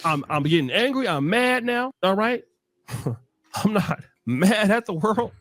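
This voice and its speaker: A man's voice: high-pitched, lively intonation, measured pace, fairly bright tone, dry recording, faint music behind. A man hosting a commentary show, talking emphatically and repeating words when he gets worked up. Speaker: show host. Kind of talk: animated casual commentary.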